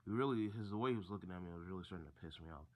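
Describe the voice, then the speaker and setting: A man's voice: low-pitched, rapid-fire. Rambling teenage boy telling a story. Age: teens. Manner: rambling, excitable, many fillers and restarts. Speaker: student telling a school story. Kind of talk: casual storytime vlog.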